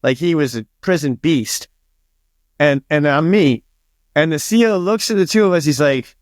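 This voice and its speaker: A man with a voice on the high side speaks at a moderate pace while being interviewed about his work as an author. He recounts anecdotes loosely, swears freely, and voices the dialogue of others, all in studio-quality sound with no room sound.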